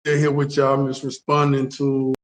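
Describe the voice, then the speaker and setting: A man from the United States with a deep voice, talking casually and emphatically to his viewers, often repeating words and asking if they understand. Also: completely flat delivery, moderate pace. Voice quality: deep, bassy voice. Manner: emphatic, repeats words, stops for "you understand what I'm saying". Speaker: vlogger.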